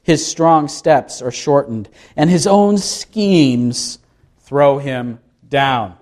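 A man's voice: medium pitch, expressive, very slow, a little mellow. A man voicing a stern friend who scolds and lectures a suffering man. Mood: scolding.

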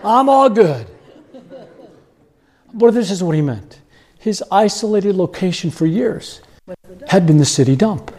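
A male preacher delivering a sermon in a high, bouncing voice that swings widely in pitch. He tells his stories animatedly and keeps chuckling along the way. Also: normal speed. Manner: animated storytelling, chuckling often.

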